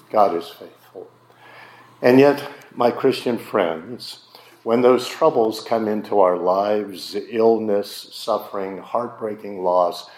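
A man preaching a sermon as a pastor, slow and emphatic with dramatic pauses. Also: fairly low pitch, darkish tone, reverberant.

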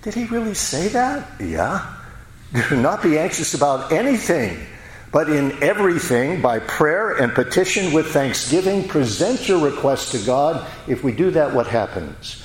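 A man preaching a sermon, slow and emphatic, with dramatic pauses. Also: a little high, lively intonation, reverberant, slight background noise, poor audio. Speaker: pastor.

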